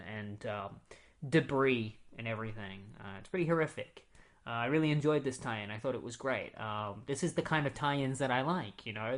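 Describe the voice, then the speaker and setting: A man's voice: medium pitch, a bit bright. A young man hosting a podcast, casually recapping comic books in a rambling way, full of "like" and fillers. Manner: rambling, fillers, says "like" a lot. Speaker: podcast host.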